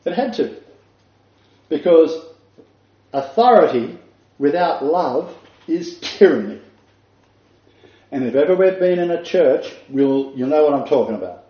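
A man's voice: fairly high pitch, lively intonation, measured pace, pauses often. Older man preaching a sermon. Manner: earnest, emphatic, with asides and laughs. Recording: dull echoey room recording.

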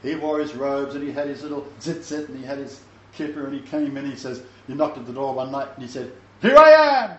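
A man's voice: mid-range voice, little pitch movement, fast talker, few pauses, a little mellow, a little hiss or hum. Rambling man teaching scripture. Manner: chatty storytelling with many fillers and laughs. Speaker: teacher of a Messianic Bible study. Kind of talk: rambling sermon-style Bible teaching. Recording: echoey, slightly dull room recording with faint ambience.

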